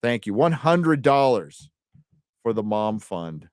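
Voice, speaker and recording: A man's voice: lowish voice, expressive, a little fast, a loud crowd. A man hosting a live stream, reading out donations in loose casual chat, swearing freely and tripping over words.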